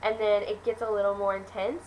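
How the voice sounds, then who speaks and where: A teenage girl with a middle-pitched voice talks through a film review in a loose, gushing way, full of "um" and "like" and self-corrections. A faint hiss of background noise sits under her voice. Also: flat delivery, a little fast, a little mellow, rough recording. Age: teens. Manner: gushing, rambling with many fillers and restarts. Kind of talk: casual chatty review.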